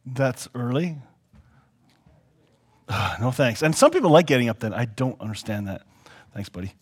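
Animated man reading a Bible lesson. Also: mid-range voice. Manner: animated, chatty, jokey storyteller. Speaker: pastor teaching a Bible lesson. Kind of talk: reading scripture aloud with casual asides.

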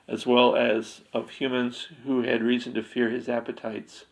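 Gravelly, flat-voiced man reading a story. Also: medium pitch. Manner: steady, with slips and self-corrections. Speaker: narrator. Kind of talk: reading a dark fantasy story aloud.

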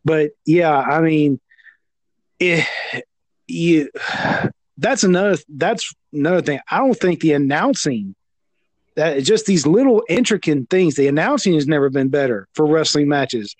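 A man with a Southern American accent talks wrestling in loose, animated podcast banter. His voice sits high and the recording is dry and close, with no room sound. He often stumbles and restarts his sentences. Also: unhurried, no echo. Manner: animated, stammering restarts, loud impressions. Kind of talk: casual wrestling chat.

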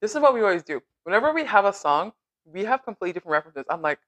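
A brash, teasing podcast host from Canada who swears freely in loose, casual chat. The voice sits at an ordinary middle pitch and sounds dry and close, with no room around it. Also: big pitch swings, racing, a bit bright, no echo, rough recording.

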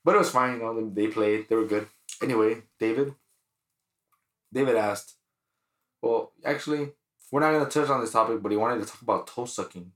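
A man's voice: medium pitch, brisk, long pauses, a bit bright, roomy sound. A man co-hosting a podcast, telling stories in loose, profane, slangy casual banter. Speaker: podcast co-host.

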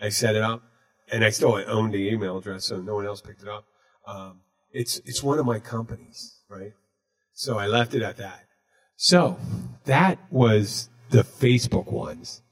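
A man hosting a podcast, telling a story in a casual, deadpan way. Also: on the low side, moderate pace, husky. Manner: deadpan, recounting jokes he told. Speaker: podcast host.

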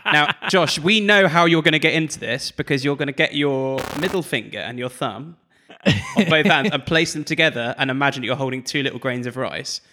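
Bright-voiced man teasing his friends. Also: on the high side, brisk. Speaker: podcast co-host. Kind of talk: casual chat.

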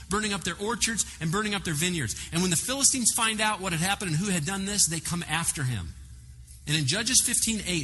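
A man preaching a sermon, retelling a story with lively asides to his listeners. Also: high-pitched, big-room sound, a little hiss or hum. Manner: animated storytelling with asides to the congregation. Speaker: pastor.

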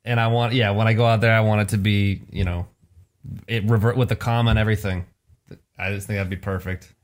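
A man's voice: on the low side, quick pace. A man co-hosting a casual chat, laughing often and swearing freely as he jokes with friends. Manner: animated, laughing, profane banter.

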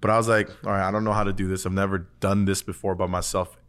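Man, podcast co-host, lowish voice, earnest, rambling, casual chat. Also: flat delivery, racing, fairly bright tone, clear, resonant tone. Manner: earnest, rambling, heavy use of "like"; storytelling with restarts.

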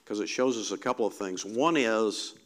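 A man delivers a sermon in an easy, conversational tone, his voice sitting slightly low. He thinks aloud as he goes and repeats his key lines for emphasis. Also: moderate pace. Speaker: preacher.

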